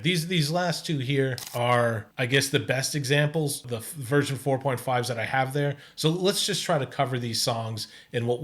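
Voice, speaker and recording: A man hosting his own video, thinking aloud in casual commentary with many stops and restarts. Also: medium pitch. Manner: halting, many restarts and fillers. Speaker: host testing an AI music tool. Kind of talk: casual screen-recorded commentary.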